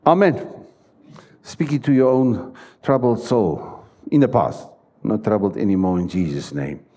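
A man's voice: on the low side, animated, unhurried, dark tone. A man preaching a sermon in a church, stressing his points and putting questions to the congregation. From South Africa. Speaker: pastor.

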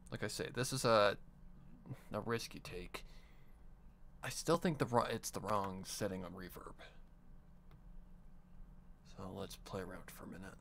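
A man's voice: on the low side, measured pace, pauses often, fairly bright tone, slight background noise. A man on a live stream, casually muttering to himself as he edits audio. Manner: muttering to himself while working.

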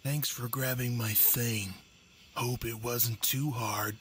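A folksy, bawdy middle-aged camper in a horror game. His voice is bright and forceful, over a light hiss. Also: medium pitch, fairly even intonation, takes it slowly. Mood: joking. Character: middle-aged camper man, crude joker.

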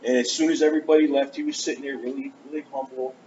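A man's voice: medium pitch, racing. A man preaching in church, earnestly telling his own story and acting out conversations along the way. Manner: earnest, animated, acts out conversations. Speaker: preacher giving his testimony. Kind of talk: storytelling sermon. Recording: dull lo-fi church recording with faint hiss.

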